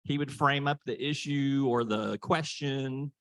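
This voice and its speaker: A man's voice: mid-range voice, unhurried, dry recording. A man moderating a panel, telling a story in a folksy, casual way with many fillers. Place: meeting room.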